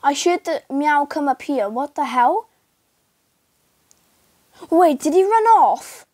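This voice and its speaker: A woman chatting casually through her gameplay video, excitable and yelping as she plays. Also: high-pitched, slow pace, dry recording, studio quality. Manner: excitable, calls out and yelps while playing. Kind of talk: casual game commentary. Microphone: screen recorder mic.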